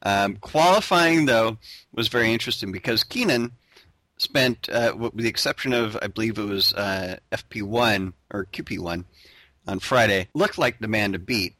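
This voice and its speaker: Rambling lower-voiced host. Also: male voice, pushed and bright, dry recording. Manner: rambling, halting with fillers. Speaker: podcast host. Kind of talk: casual chat.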